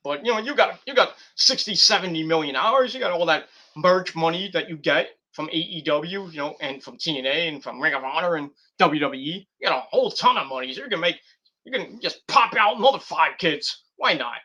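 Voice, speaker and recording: A man's voice: a little high, a little fast, bright, forceful tone, lo-fi sound. A man giving a rambling, profane and exasperated review of a wrestling show. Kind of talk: casual rant review.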